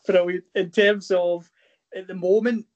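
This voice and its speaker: A man's voice: high-pitched, flat delivery, measured pace, a little mellow, dull audio. A man interviewing a guest, asking curious, conversational questions. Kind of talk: casual interview chat.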